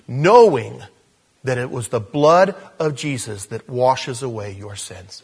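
A man's voice: mid-range voice, expressive, slow, breathy edge. A man preaching a sermon as pastor in a conversational style, with asides, repeated phrases and self-interruptions.

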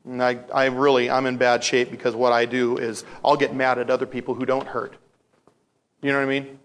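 Briskly and in a mid-range voice, a male pastor gives a sermon full of animated storytelling. He slips into other voices and repeats phrases for emphasis.

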